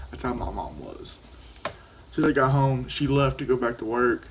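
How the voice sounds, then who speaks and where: A man's voice: medium pitch, normal speed, a little hiss or hum, low-quality recording. A teenage boy telling a story in a casual vlog, rambling and profane, often restarting his sentences. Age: teens. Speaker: vlogger. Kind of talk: casual storytelling while vaping.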